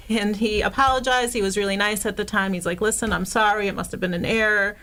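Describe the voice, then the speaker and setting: A woman's voice: medium pitch, quick pace. A woman guest on a community radio interview, telling a personal story casually and acting out the quoted exchanges with a lifted voice. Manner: animated, acts out quoted exchanges with a raised voice; self-described hothead, casual with many "like"s. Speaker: guest, local realtor. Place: radio studio.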